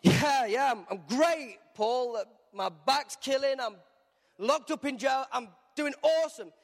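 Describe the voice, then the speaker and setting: A preacher doing a high, sarcastic grumpy prisoner. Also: male voice, measured pace, in a large hall, exaggerated voice. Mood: sarcastic grumbling. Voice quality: forced cheerful, bitter sarcasm. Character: grumpy, sarcastic, tired adult male prisoner.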